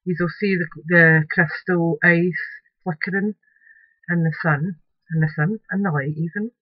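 A woman talks through her craft project in a relaxed, homely way, taking her time over each detail. The sound is dry and close, with a dull, lo-fi quality. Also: on the low side, measured pace, no room sound. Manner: chatty and homely, describing her work as she shows it. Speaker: craft tutorial host. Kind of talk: casual craft demonstration.

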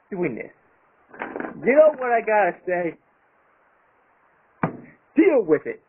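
A YouTuber rants angrily about his channel in a vlog monologue, swearing heavily and hammering his points. His voice sits high and sounds husky, and the recording has a tinny, phone-like quality.

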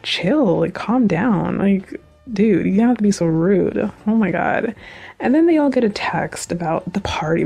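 A woman chatting casually as a video reviewer, recapping an episode in a gushing, animated fan manner. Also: medium pitch, gravelly.

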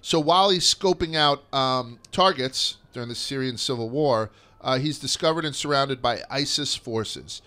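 Bright-voiced rambling podcast host. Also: male voice, mid-range voice, moderate pace, hardly any pauses. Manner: rambling, profane, with lots of fillers. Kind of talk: casual podcast chat.

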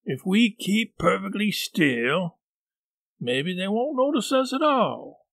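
A man's voice: high-pitched, sing-song, slow, gravelly, fairly bright tone, no echo, clean studio sound, voice pushed up, full character voice. A man voicing a nervous boy who whispers earnestly and tries to stay brave. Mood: nervous hush.

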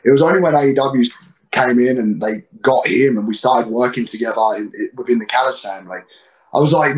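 A man's voice: on the low side, steady tone, quick pace, poor audio. Slangy London man telling stories. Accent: London English. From England. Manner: blunt, swears freely, slangy. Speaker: guest wrestler. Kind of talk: casual interview storytelling.

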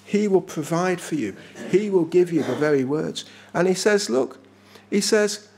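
A man with an English accent preaches in a small chapel, his fairly high voice carrying a gravelly edge. He is emphatic and slows down to lean on key words. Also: darkish tone. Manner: emphatic, often slowing to stress words. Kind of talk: sermon.

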